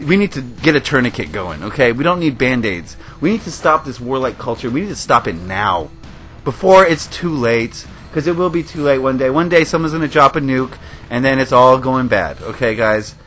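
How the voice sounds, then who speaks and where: An American man hosts a gaming video, delivering a passionate, emotional rant to his viewers over gameplay. His voice sits in the mid-range with a fairly bright tone.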